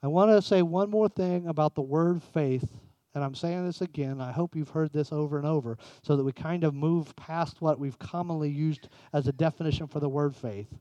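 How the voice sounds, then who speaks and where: A man preaching a sermon as pastor, emphatic, swinging between raised passages and hushed ones. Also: fairly high pitch, normal speed, dry recording, dull audio.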